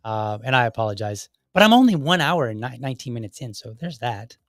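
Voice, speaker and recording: A man's voice: mid-range voice, big pitch swings, a little fast, fairly bright tone, no room sound, studio quality. Fired-up man host, combative. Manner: fired-up, combative, rhetorical questions; mocking voices for imagined people. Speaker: podcast host. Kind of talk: opinionated commentary monologue.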